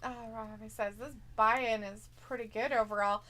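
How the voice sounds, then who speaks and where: A woman's voice: fairly high pitch, fairly even intonation, crowd noise. A woman from the Upper Midwest co-hosting a live watch-along stream, chatting casually, teasing and giggling as she reads viewer comments aloud. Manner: giggly, teasing, quick reactions.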